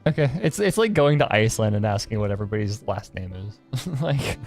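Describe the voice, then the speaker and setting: A man's voice: lowish voice, expressive, brisk, a little mellow, faint music behind. A man hosting a casual let's-play, reading game dialogue aloud between comments and laughing often. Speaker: gaming channel host.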